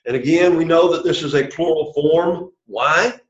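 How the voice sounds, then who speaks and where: A man's voice: a little high, normal speed. A man teaching an introductory Greek class, patiently drilling students after opening with a prayer. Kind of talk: classroom lesson. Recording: echoey room, dull lo-fi sound.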